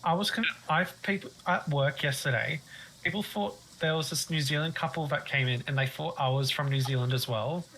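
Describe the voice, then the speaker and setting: A speaker with an Australian accent and a bright voice of average pitch. They ramble through an anecdote in a loose, chatty way while talking with fellow players. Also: a little fast, a little hiss or hum, poor audio. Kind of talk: casual chat.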